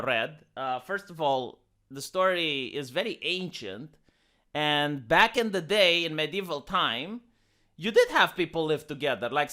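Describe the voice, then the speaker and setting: A man's voice: a little high, pushed and bright. A man ranting in a sarcastic, mocking commentary vlog. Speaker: commentary vlogger.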